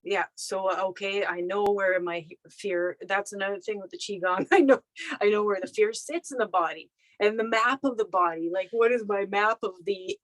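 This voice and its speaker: Casual woman podcast guest, chatty, mid-pitched, dry close mic. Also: normal speed, no room sound, low-quality recording. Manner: chatty, laughs often, acts out her own thoughts. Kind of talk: casual conversation.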